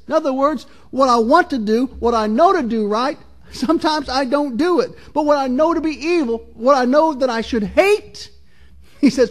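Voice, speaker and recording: A pastor preaching a sermon, reading scripture slowly and earnestly and asking the congregation searching questions. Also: male voice, very high-pitched, expressive.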